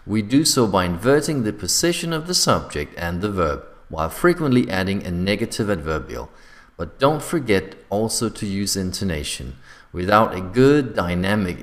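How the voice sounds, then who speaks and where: Low-voiced man teaching English grammar. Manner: clear, deliberate delivery, slowing to read example sentences. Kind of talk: scripted grammar lesson.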